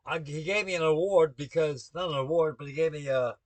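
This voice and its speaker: A man's voice: a little high, fairly quick, no echo. An older man, a navy veteran, rambling through a spoken story to the camera with folksy, salty talk full of shipboard jargon.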